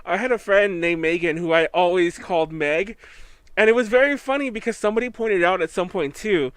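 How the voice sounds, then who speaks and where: A man's voice: high-pitched, fairly quick, fairly bright tone, no echo. A man with a Californian accent hosting a live podcast, chatting casually and rambling with many fillers and restarts. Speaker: podcast host. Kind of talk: casual chat.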